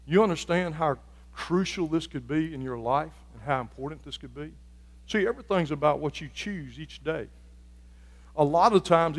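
High-voiced preaching man in a reverberant hall. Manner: preaching with rising fervor, shouting at peaks. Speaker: pastor. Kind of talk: sermon.

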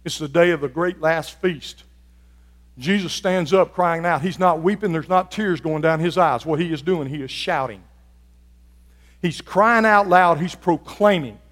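A man preaching a sermon as a pastor, building from quiet, reflective talk to loud, fervent shouting. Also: on the high side, a little slow, in a large hall. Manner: preaching with rising fervor, shouting at peaks.

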